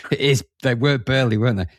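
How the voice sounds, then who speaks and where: A man co-hosting a podcast in casual chat, with quick joking banter. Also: mid-range voice, dry recording, clean studio sound. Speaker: podcast co-host.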